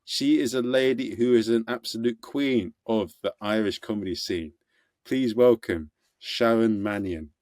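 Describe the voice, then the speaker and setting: A man's voice: fairly low pitch, measured pace, darkish tone, no echo. Podcast host, man from the uk, jokey, stumbling intros, dry close sound. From United Kingdom. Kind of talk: casual podcast interview.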